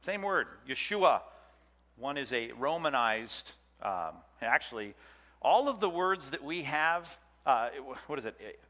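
Teacher, man, bright chatty delivery, quizzes the room, long hall echo. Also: mid-range voice, sing-song, slow. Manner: chatty, jokey, quizzes the class. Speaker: Bible teacher. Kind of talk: classroom lecture with audience questions.

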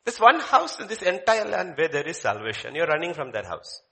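A man preaching a sermon, his voice sitting a touch high and sounding bright and forceful. He is dramatic, swinging from loud declaiming to hushed, low lines, with a very lively rise and fall in pitch. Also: a little fast, gravelly, breathy edge.

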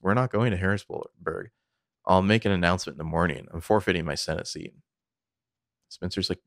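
A deep man with a gravelly, fry-heavy voice, casually recapping a TV episode. He talks over a close, dry mic and leaps into character lines with sudden high swings. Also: no room sound. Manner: animated retelling, mimics characters with big pitch jumps. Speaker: podcast co-host recapping a TV episode. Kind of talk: casual chat.

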